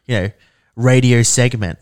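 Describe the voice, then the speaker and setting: A man co-hosting a casual chat, chiming in with quick reactions and jokes. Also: medium pitch, a little mellow. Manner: quick reactions and jokey interjections. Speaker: podcast co-host.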